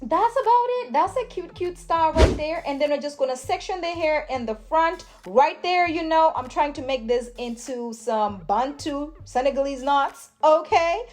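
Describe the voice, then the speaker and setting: High-voiced, hyper woman vlogger. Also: expressive, normal speed, few pauses, a little mellow. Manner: hyper, gushing, calls viewers honey and sis. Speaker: hair tutorial vlogger. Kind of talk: casual tutorial chat.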